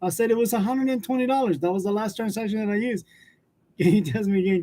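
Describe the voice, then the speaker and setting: A man's voice: high-pitched, expressive, fast talker, dark tone. A man hosting a casual live chat with his viewers, telling stories loosely and chuckling between nearly every sentence. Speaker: livestream host of a graphic design channel. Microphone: wireless lavalier.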